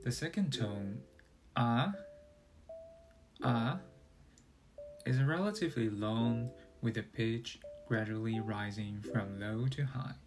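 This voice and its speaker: Slow-speaking teacher, man. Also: on the low side, a little mellow. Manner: slow, deliberate explaining with sung tone demonstrations. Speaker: Chinese teacher. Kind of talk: scripted podcast lesson. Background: guitar music.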